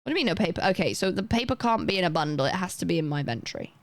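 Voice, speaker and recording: Lively, rambling woman streamer. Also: on the low side, racing, no room sound. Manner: rambling, chatty, talks to chat and reacts to the game. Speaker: livestreamer. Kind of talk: casual livestream chat while playing a game.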